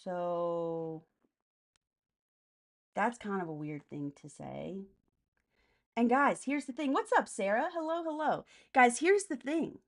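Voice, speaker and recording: A woman's voice: medium pitch, slow pace, pauses often. A woman hosting a casual political live stream, answering chat comments by name in a blunt, profane way.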